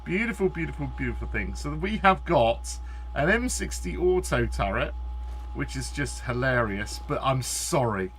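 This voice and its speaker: Male streamer, bright and excitable, chatty live commentary, faint background noise. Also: medium pitch, measured pace. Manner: excitable, laughing, thinking aloud.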